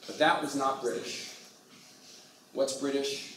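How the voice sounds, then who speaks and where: A man giving a university lecture, speaking slowly and often mixing in halting Russian with many fillers. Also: mid-range voice, fairly even intonation, background noise. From United States. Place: lecture hall. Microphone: far from the mic. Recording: distant echoey lecture hall.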